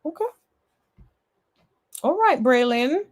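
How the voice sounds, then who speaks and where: A woman's voice: sits high, lively intonation, slow pace. A woman giving blunt, sassy reaction commentary on a reality TV episode, talking straight at the cast members. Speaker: reality TV recap vlogger.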